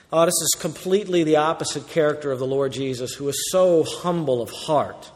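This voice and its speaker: A man preaching a verse-by-verse sermon, swinging between loud emphatic warnings and quiet low asides. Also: brisk, few pauses, big-room sound. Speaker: pastor. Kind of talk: expository sermon.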